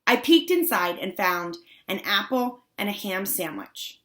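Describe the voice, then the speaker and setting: A woman reading first-person audiobook narration with wry, deadpan asides. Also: mid-range voice, unhurried.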